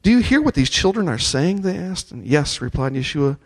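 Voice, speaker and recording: A man preaching with a somewhat high voice that climbs to loud, ringing peaks on scripture. He reads verses aloud and leads the congregation in call-and-response chants. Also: big pitch swings, normal speed. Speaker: pastor. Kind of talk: sermon.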